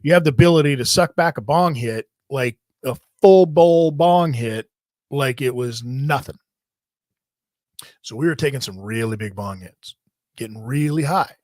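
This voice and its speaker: A man in the middle of his range tells a wild story in a loose, rambling way, swearing freely and getting animated. His voice sits close and dry, with no room around it. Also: mid-range voice, unhurried, no echo. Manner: rambling, profane, animated retelling. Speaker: podcast host. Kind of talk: casual storytelling.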